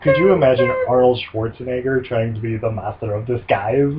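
A man's voice: mid-range voice, wildly swooping pitch, brisk. A man co-hosting a casual movie podcast, joking around and slipping into goofy impressions. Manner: jokey, does goofy impressions. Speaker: podcast co-host. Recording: muffled lo-fi audio with faint hiss.

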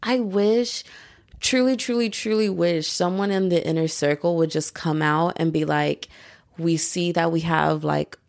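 A woman's voice: on the low side, fairly even intonation, measured pace, creaky, no echo, clean studio sound. A young adult woman from the United States hosting a podcast, talking in a rambling, slangy way with a lot of filler "like". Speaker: podcast host. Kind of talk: casual podcast monologue.

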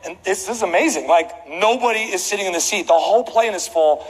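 Man preaching, high voice, animated comedic storytelling, reverberant hall, faint noise. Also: quick pace, husky. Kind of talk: storytelling sermon.

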